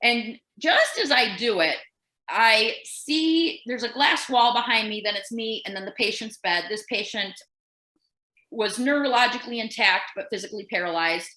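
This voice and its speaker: A woman tells a story with lively energy and acts out the voices of the people in it as she goes. Her voice is bright and slightly high. The sound is roomy, with a clear echo. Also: normal speed. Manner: animated storyteller who acts out quoted voices. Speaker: nurse and podcast co-host. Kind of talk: casual storytelling.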